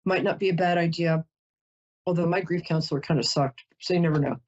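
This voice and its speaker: A woman's voice: on the low side, brisk, darkish tone, dull audio. A woman giving a live call-in psychic reading, chatty and emotional, often breaking off to apologize. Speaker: psychic reader.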